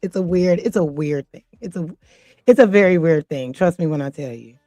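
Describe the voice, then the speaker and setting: A woman's voice: low voice, moderate pace, dark tone, no room sound, soft background music. A woman hosting a casual livestream, chatty and flustered, often laughing as she talks to her audience. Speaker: livestream host. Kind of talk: casual chat to a live audience.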